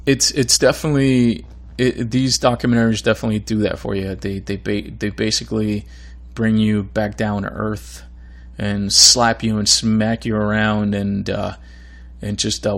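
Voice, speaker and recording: A man hosting his own podcast in a casual monologue, earnest and rambling, with a voice going hoarse. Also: on the low side, little pitch movement, a little slow, fairly bright tone. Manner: rambling, earnest, many fillers and restarts. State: losing his voice. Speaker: podcast host.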